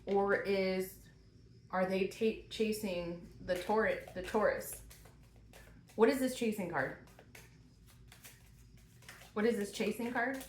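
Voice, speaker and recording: A woman's voice: mid-range voice, takes it slowly, long pauses. A woman giving a channeled tarot reading, asking questions aloud and exclaiming. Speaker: tarot reader. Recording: roomy with faint noise.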